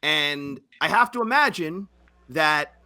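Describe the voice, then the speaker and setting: Bright, high-voiced male podcast host. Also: animated. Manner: measured, probing questions that recap events. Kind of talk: interview questions.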